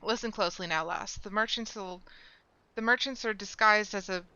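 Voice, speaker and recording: A gruff, scheming male rogue with an old seadog's swagger, put on by a woman reading video game lines. He talks in thick slangy thieves' cant with a put-on accent. The voice is bright and crystal clear, close and dry, with slightly dull streamed sound. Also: mid-range voice, normal speed, dry recording, natural voice. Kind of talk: reading game dialogue aloud.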